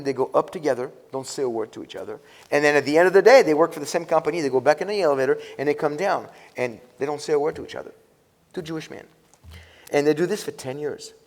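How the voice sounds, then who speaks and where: A man giving a conference talk in a church, telling anecdotes in a conversational way with many restarts and fillers. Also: fairly high pitch. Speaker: conference speaker. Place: church hall. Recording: long church hall reverb.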